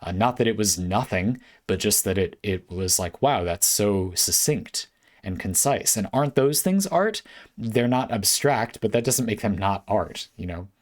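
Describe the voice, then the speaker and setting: Low-voiced man musing aloud to camera. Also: expressive. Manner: thinking aloud, many fillers and restarts, quick asides, short laughs. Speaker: host answering a viewer question. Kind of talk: casual spoken essay to camera.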